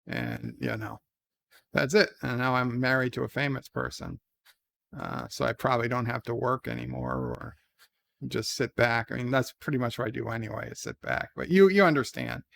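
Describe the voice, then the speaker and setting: A man's voice: medium pitch, expressive, moderate pace, creaky, a bit bright. A man hosting a casual livestream, reading advice letters and chat in a rambling, hesitant, self-deprecating way. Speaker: streamer host.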